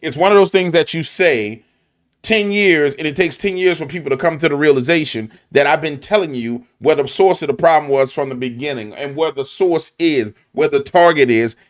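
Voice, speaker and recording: A man with a New Orleans accent giving animated, preachy conspiracy commentary full of slang and repetition. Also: on the high side, normal speed.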